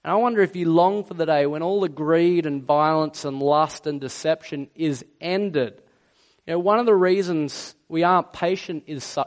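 A middle-aged man preaching a sermon, earnest and slowing down to stress key words. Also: fairly high pitch. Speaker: pastor.

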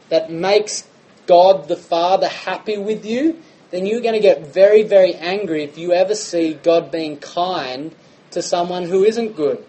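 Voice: medium pitch, mellow, low-quality recording. Preacher asking rhetorical questions. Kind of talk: sermon.

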